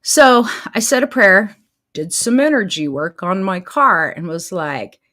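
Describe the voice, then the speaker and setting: Swinging her pitch to imitate what others said, a middle-aged woman shares casual stories with her viewers, laughing often. She works as a life coach and show host and keeps her delivery animated throughout.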